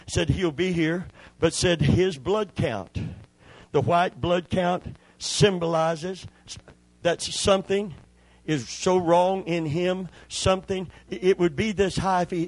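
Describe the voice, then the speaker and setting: Male pastor, middle-aged, sermon storytelling, emotional, hushed prayer moments, dry recording. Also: a little high, no room sound, rough recording.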